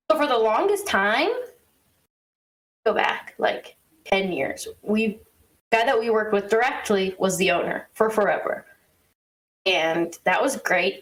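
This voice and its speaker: A woman co-hosting a podcast, telling a story in a casual, animated way with quick asides and exasperated laughs. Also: mid-range voice, poor audio. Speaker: podcast co-host.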